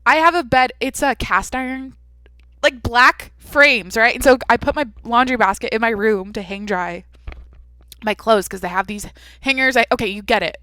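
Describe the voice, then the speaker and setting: A woman's voice: on the high side, moderate pace, sharp tone, no room sound. Rambling, profane young woman podcaster. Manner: rambling, profane, self-interrupting storytelling. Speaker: podcast host. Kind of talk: solo podcast monologue.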